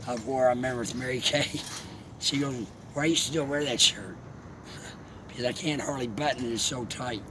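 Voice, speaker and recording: A man telling a heartfelt personal story in a rambling, halting way, as a vlogger. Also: medium pitch. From Alabama. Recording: steady background noise, vehicle sounds.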